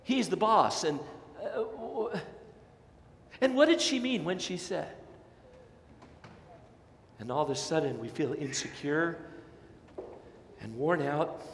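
Male pastor, fairly high voice, animated and fired-up preaching, recorded in a large reverberant sanctuary. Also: slight background noise. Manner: animated, acts out voices of listeners; energetic, fired up. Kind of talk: sermon. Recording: echoey sanctuary with long reverb.

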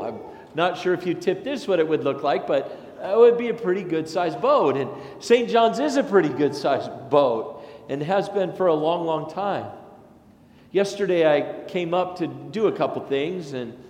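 A man, a pastor, delivering a sermon in a chatty, anecdotal way with lively asides. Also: on the high side. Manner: conversational and anecdotal, with animated asides. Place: large church sanctuary. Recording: echoey sanctuary with long reverb.

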